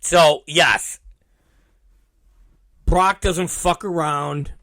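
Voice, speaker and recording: A man in his fifties hosting a podcast, telling rambling, profane stories in a casual, animated way. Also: on the high side, extremely slow, dry recording. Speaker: podcast host. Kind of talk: casual storytelling monologue.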